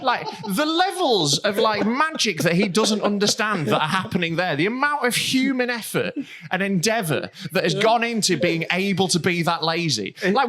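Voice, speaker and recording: Comedy podcast host, male; lively and swinging in pitch, teasing and sweary. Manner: animated storyteller, swearing, mocking. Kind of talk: casual comedy chat. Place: festival venue.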